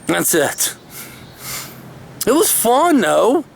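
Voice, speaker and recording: Gravelly, fairly high-voiced man telling a story. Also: very animated, extremely slow, a little hiss or hum. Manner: rambling, folksy, self-correcting. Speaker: vlogger. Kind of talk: casual storytelling. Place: outdoors in the shade of a tree. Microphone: camera he is handling himself.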